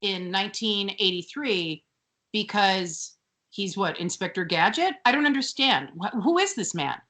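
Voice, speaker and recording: Animated, sweary woman podcast co-host. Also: medium pitch, a little slow. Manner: animated, sweary, mocking voices. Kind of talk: casual recap chat.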